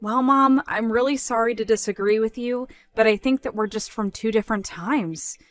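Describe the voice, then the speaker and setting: A woman voicing a calm young working woman who answers in a measured, polite but firm way in a dramatized story. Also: on the high side, no echo, faint music behind, close to an everyday voice.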